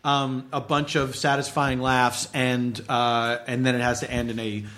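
A comedy performer talking casually, halting and restarting with lots of fillers. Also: male voice, medium pitch, little pitch movement, a bit bright. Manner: halting, full of ums and restarts.

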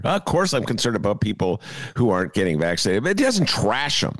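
An older man co-hosting a podcast, riffing on politics in a jokey, animated way with many asides. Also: lowish voice, a little fast, no room sound, studio quality. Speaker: podcast co-host. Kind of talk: casual political commentary.

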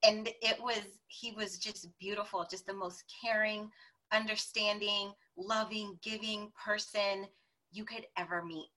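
A woman guest telling stories in a casual interview, animated and acting out the voices she quotes. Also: medium pitch, a little slow, low-quality recording.

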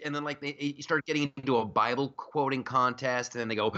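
A man's voice: mid-range voice, fairly even intonation, fairly quick, hardly any pauses, sharp tone, lo-fi sound. A man hosting a podcast, talking politics in a joking, rambling way with lots of restarts. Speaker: podcast host. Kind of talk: casual political chat.

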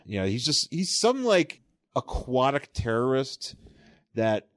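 A man's voice: medium pitch, big pitch swings, slow, no echo, studio quality. A man co-hosting a podcast, chatting casually and rambling about a comic book with many restarts. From New York area. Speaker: podcast co-host.

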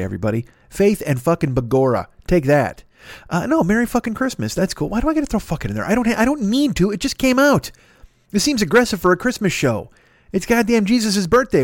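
A man's voice: high-pitched, no echo, studio quality. A man in his forties hosting a podcast with a profane, self-mocking, digressive comedic monologue. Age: 40s. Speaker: podcast host.

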